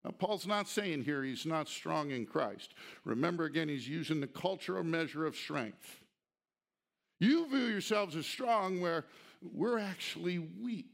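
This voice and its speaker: A man preaching an expository sermon, teaching deliberately and emphatically through a text. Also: on the high side, expressive, creaky. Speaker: pastor.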